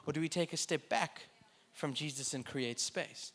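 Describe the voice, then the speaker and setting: A man's voice: fairly high pitch, normal speed, fairly bright tone, slightly rough. A man preaching a sermon in a conversational way, with joking asides.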